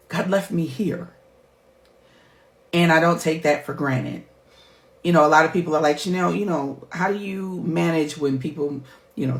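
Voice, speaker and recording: Middle-aged woman, heartfelt and emphatic. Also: low-pitched. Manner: emphatic, heartfelt, chatty with many fillers. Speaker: life coach. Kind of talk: candid personal vlog talk. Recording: roomy echo.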